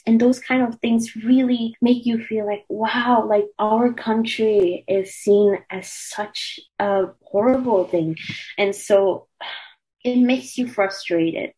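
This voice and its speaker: A woman's voice: a little high, steady tone, slow pace, mellow, poor audio. A young woman from Myanmar, a student activist, speaking earnestly and with feeling as an interview guest, with frequent fillers. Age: young adult. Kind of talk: emotional interview conversation.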